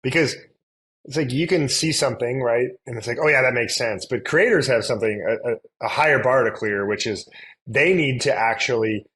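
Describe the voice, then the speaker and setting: Guy on a podcast, rambly and casual, lots of likes and you knows, mid-pitch voice. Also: normal speed, a bit bright, poor audio. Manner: loose, rambling, many fillers and restarts. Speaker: guest, influencer marketing agency CEO. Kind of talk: casual conversational interview.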